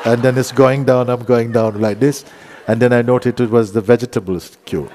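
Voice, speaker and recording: A middle-aged man, a spiritual teacher, giving a gentle, chuckling storytelling talk to a retreat group, often asking "you see?". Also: mid-range voice, steady tone, normal speed, background noise. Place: retreat meeting room.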